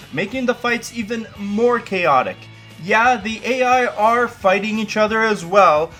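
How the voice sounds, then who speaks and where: Wry, high-voiced male guide narrator. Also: fairly bright tone. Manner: wry, self-deprecating asides. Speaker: game guide host. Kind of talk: scripted narration of a trophy guide. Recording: voice-over over faint music.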